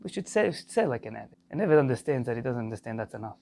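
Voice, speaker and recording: Animated rabbi teaching, lively pitch. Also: male voice, very fast, vocal fry, soft background music. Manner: mixes Hebrew and Yiddish terms into English; animated, rhetorical questions. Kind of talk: Torah lesson.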